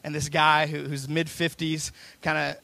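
A pastor delivering a sermon, his voice a bit higher than most men's and with a gravelly edge. He builds intensity through repeated, stacked phrases. The sound is close and dry, with no room echo. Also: little pitch movement, moderate pace, sharp tone.

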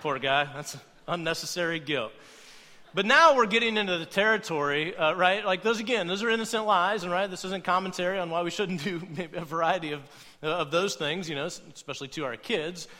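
A man preaching a humorous sermon, playful and animated, acting out quoted voices as he goes. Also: high-pitched, a little fast, long reverb tail. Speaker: pastor.

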